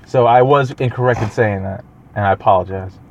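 A man co-hosting a podcast, telling stories in an animated way and laughing often. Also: lowish voice, fairly quick, a little hiss or hum. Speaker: podcast co-host. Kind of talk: casual podcast chat. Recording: slightly dull lo-fi sound.

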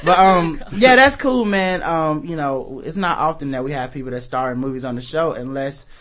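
A young man hosting a podcast in casual chat, laid-back and quick to laugh. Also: fairly high pitch, a bit bright. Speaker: podcast host.

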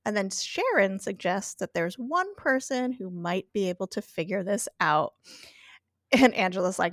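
A woman's voice: mid-range voice, normal speed, dry recording, clean studio sound. A woman recapping a TV episode in casual podcast chat, acting out the characters' lines with frequent laughter. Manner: animated, acts out quotes, laughs often.

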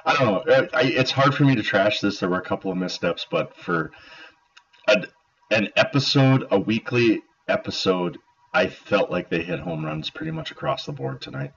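A man's voice: mid-range voice, animated, normal speed, gravelly, fairly bright tone. A man co-hosting a casual podcast, rambling with plenty of fillers and emphatic opinions. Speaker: podcast co-host. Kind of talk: casual chat. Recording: dull lo-fi audio.

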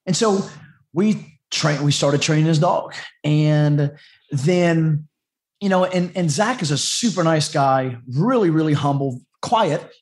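A man tells his story as a podcast guest. His voice sits a touch high, and he rambles in a chatty way, often restarting his sentences. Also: slow. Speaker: dog trainer, podcast guest. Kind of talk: casual storytelling interview.

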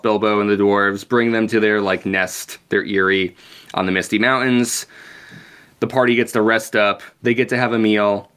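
A man's voice: on the low side, a bit bright, smooth. A man casually summarizing a book chapter on a podcast, laid-back and profane, with lots of fillers and "like". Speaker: podcast co-host. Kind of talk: casual book-club chat.

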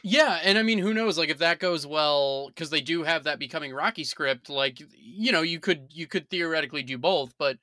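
A man's voice: fairly high pitch, normal speed, hardly any pauses, sharp tone, no echo, studio quality. A man talking as a guest on a film podcast in a chatty way, with many uhs and restarts. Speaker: podcast guest and news writer. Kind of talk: casual podcast chat.

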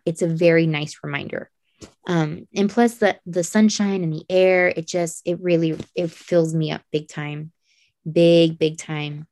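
A woman's voice: fairly low pitch, a little mellow, no echo, clean studio sound. A woman who homeschools her children, talking earnestly as a podcast guest and repeating phrases for emphasis. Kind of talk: casual podcast chat.

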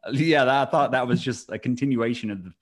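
A man's voice: mid-range voice, fairly quick. A young man co-hosting a casual podcast, dry and wisecracking. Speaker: podcast co-host.

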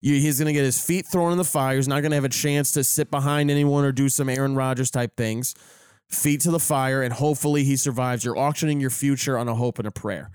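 A man co-hosting a casual sports podcast, animated and full of laughs, often halting and restarting mid-sentence. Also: mid-range voice, clean tone, no echo, clean studio sound. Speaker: podcast co-host.

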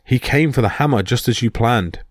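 A man's voice: mid-range voice, animated, a little fast, dry recording, studio quality, close to an everyday voice. A man voicing a dim-witted, whining male giant servant. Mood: whiny.

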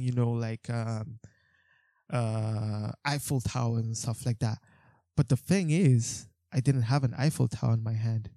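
A young man with a warm, medium-pitched voice tells a story about his street photography, recorded with clean studio sound and no echo. He rambles casually with lots of fillers and restarts, swearing at times when exasperated.

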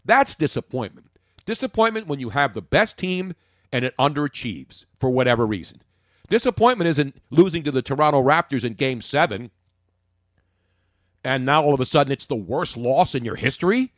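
A man hosting a sports talk podcast, opinionated and jokey, swinging from loud bursts to low muttering. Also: very animated, moderate pace, no room sound, studio quality.

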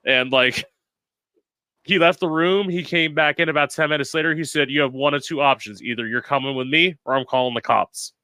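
A man's voice: fairly high pitch, fairly quick, sharp tone, no echo. A young man as an interview guest, telling a personal story in a candid, dramatic and profane way.

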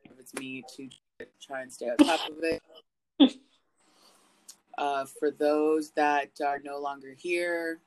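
Woman podcast host, kinda low voice, swears a ton, gets really animated telling stories. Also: takes it slowly, pauses often, clear, resonant tone, low-quality recording. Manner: profane, animated storytelling with big swings in pitch. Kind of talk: casual podcast chat.

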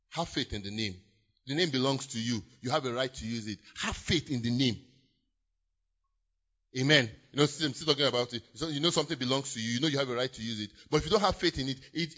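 A man preaching a sermon in church, acting out little scenes with loud exclamations. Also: medium pitch. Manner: animated, acts out scenes with shouted exclamations. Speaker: pastor. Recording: dull lo-fi church recording.

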